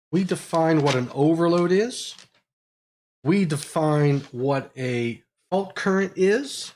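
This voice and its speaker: Male host, Pittsburgh accent, live tech Q&A; rushes in energetic bursts, lots of ums, drifts off-mic now and then. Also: on the high side, slight background noise. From Pittsburgh, USA. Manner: energetic, fast bursts with fillers. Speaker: electrical engineering educator. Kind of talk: live technical Q&A talk.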